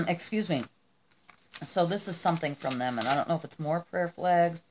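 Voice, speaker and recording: A woman chats to her camera at home, gushing and a little rambling. Her voice sits low for a woman, and she stumbles over restarts and fillers as she goes. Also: sing-song, a little slow, slight background noise. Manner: effusive and gushing, with tearful warmth. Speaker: vlogger. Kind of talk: casual chat to camera.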